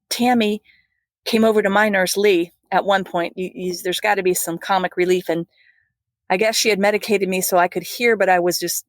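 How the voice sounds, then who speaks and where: A woman who works as a critical care nurse, telling a personal story in an earnest, animated way as a podcast guest. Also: on the low side, no room sound.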